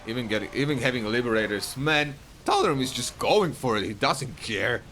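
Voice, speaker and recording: A man casting a real-time strategy match live, chatty and quick to burst into excited shouts. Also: medium pitch, slight background noise. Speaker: esports caster. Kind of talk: live play-by-play game commentary.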